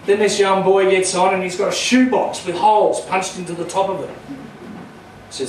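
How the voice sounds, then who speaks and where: Aussie bloke doing crude standup, high voice, far off mic, lots of room echo. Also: male voice, steady tone, moderate pace, a little hiss or hum. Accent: Australian. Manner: crude, rowdy storytelling, shouting punchlines. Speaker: stand-up comedian. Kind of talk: stand-up comedy. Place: small comedy club stage.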